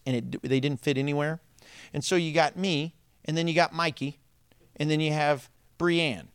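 A man's voice: fairly high pitch, a bit bright, no room sound. A man preaching a sermon as pastor, telling stories animatedly and laughing often.

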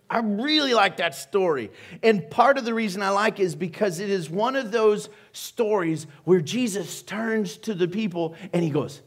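High, lively-voiced joking pastor man. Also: normal speed. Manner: animated, joking, asks the congregation questions. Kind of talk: sermon.

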